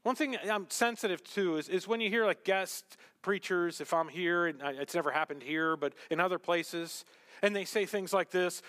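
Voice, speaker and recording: High-voiced preacher in a reverberant hall. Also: male voice, normal speed. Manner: animated, jokey asides, swings from loud to hushed. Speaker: pastor. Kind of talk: sermon. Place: church sanctuary. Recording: long reverb of a church hall.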